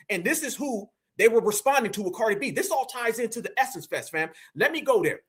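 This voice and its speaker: The speaker is a reaction channel host from the US whose very high, piercing voice has edge and brightness. He delivers a mocking, combative rant of heated reaction commentary, calling his audience "fam" again and again.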